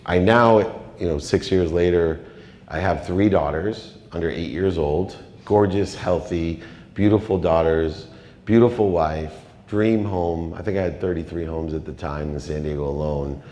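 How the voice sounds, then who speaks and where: A middle-aged man giving a confessional, emotional motivational speech on stage, with dramatic swings in loudness. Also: sits low, measured pace. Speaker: keynote speaker. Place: large event hall. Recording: echoey hall with long reverb.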